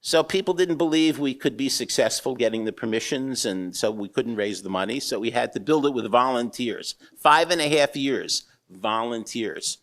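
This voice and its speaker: An older rabbi giving a humorous storytelling talk, with a wry manner and acted-out characters. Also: male voice, medium pitch, lively intonation, moderate pace, few pauses, a bit bright. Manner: wry, anecdotal, acts out characters. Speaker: rabbi and eruv builder speaking.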